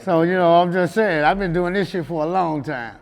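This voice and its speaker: This rapper guest, a man from Memphis, USA, speaks with a Southern accent in a fairly high voice with vocal fry, talking a little fast. Telling stories in a casual interview, he laughs loosely and keeps asking "you know what I'm saying," with a big-room sound around him.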